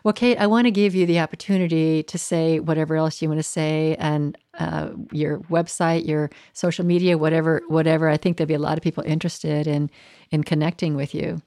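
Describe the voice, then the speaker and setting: A woman's voice: low-pitched, steady tone, dark tone, dry recording, studio quality. A woman hosting a podcast interview, enthusiastic and affirming toward her guest. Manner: enthusiastic, affirming, quick to agree. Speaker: podcast host. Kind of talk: interview chat.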